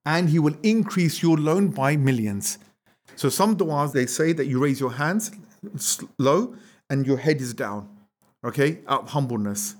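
A man with a somewhat high speaking voice gives a religious history lesson. He tells it as a lively story, acting out what people said. He keeps asking his listeners rhetorical questions. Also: measured pace. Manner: animated storyteller, acts out quotes; asks the audience rhetorical questions. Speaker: religious teacher.

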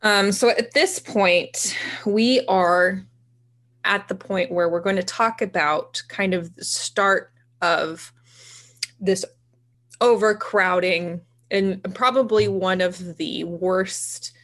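A woman's voice: fairly low pitch, fairly bright tone. A woman in her thirties co-hosting a podcast, chatting casually and laughing easily. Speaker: podcast co-host.

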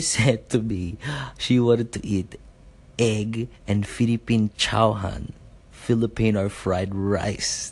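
A man who is a father chatting casually to his listeners, rambling with frequent fillers and quick asides. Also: deep voice, slightly rough. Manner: rambling, laughing, many fillers. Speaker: podcast host and father. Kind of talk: casual chat.

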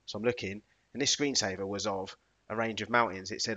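A man chats casually as a podcast co-host, his pitch swinging widely as he tells a story. He sounds playful and animated. The recording is dry and a little dull. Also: fairly quick, dry recording. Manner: animated, playful, bursts into sung and put-on voices. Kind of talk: casual chat.

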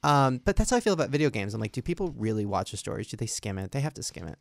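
A man's voice: mid-range voice, big pitch swings, very fast, creaky, no room sound. A man co-hosting a casual interview, joking and teasing with frequent laughs. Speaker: co-host. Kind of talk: casual comedic chat.

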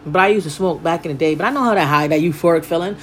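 A woman's voice: deep voice, rapid-fire, a little hiss or hum, low-quality recording. A young woman telling her own story in a casual, blunt way, swearing freely and rambling with fillers. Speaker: podcast host. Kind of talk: candid personal storytelling.

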